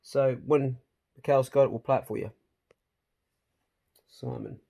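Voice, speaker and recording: A man's voice: mid-range voice, fairly even intonation, unhurried, vocal fry, warm tone, breathy edge, no room sound. A man hosting a casual, jokey vlog tour of a farmhouse build site outdoors. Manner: chatty, jokey, matey. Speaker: vlog host.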